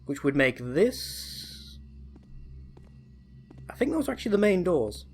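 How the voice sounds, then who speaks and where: A man's voice: high voice, big pitch swings, takes it slowly, faint music behind. A man giving chatty, enthusiastic gameplay commentary, often correcting himself. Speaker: let's play host.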